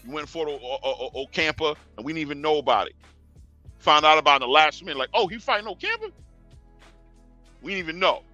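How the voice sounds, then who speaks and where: Slangy man with a bright voice. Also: on the high side, very fast, no echo, dull audio, faint music behind. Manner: slangy, talks straight to fighters, chuckling asides. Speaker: boxing show host. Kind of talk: casual live-stream talk.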